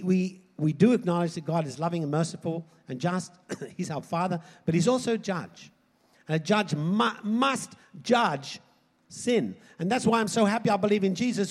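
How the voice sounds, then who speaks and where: A man preaching a sermon in an animated way, swinging from loud emphasis to quiet asides. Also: sits high. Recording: hall reverb.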